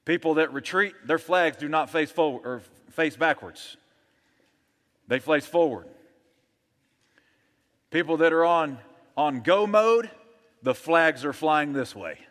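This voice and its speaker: A man's voice: fairly high pitch, animated, takes it slowly, long pauses, fairly bright tone, in a large hall. A male pastor preaching a sermon in an emphatic, rallying manner.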